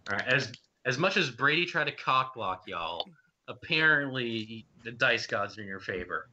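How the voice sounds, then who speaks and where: A man's voice: medium pitch, big pitch swings, normal speed, bright, forceful tone, a little hiss or hum. A young man running a tabletop game as game master, narrating in a loose, hesitant way with many fillers, on dull lo-fi stream audio.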